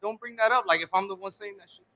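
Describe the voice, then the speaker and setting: A man's voice: sits high, quick pace, highs cut off, a crowd in the background. A boxer at a press conference, angry, profane and challenging his rival. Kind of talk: heated press conference trash talk.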